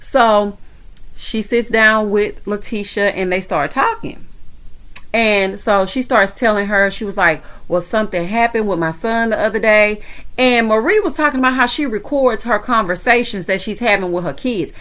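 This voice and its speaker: A woman with a Southern American accent giving sassy, animated commentary on a reality TV episode, talking straight to the viewer. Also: mid-range voice, normal speed. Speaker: reality TV recap vlogger. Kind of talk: casual commentary.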